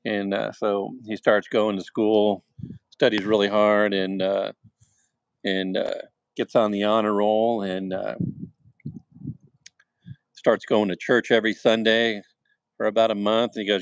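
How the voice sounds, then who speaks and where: A man's voice: on the low side, little pitch movement, a little slow, pauses often, clean tone, no room sound. A man hosting a casual fireside chat, telling jokes in an easygoing, folksy way with lots of fillers. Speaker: host. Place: outdoors by a fire.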